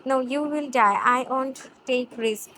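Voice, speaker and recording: A woman voicing a cold young husband in a read-aloud fan story, in plain, halting lines. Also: high-pitched, sharp tone, a little hiss or hum, exaggerated voice. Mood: teasing.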